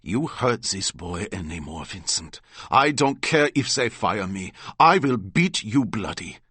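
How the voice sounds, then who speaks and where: A man's voice: lowish voice, sing-song, a little slow, bright, forceful tone, slightly rough, dry recording, heavily acted. A man reading an audiobook, voicing an old German man with a German accent who protects a boy. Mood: fierce.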